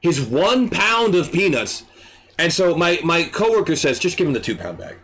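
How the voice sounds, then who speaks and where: A young man telling a retail story in a casual, animated way, swearing freely and acting out the people in it. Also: fairly high pitch, moderate pace. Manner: animated, excitable, swears freely, acts out quotes. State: dry throat. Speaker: streamer.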